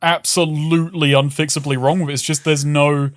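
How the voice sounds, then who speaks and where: A man's voice: a little high, flat delivery, brisk. A man co-hosting a casual film podcast, hesitant at times, picking apart the plot analytically. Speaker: podcast co-host.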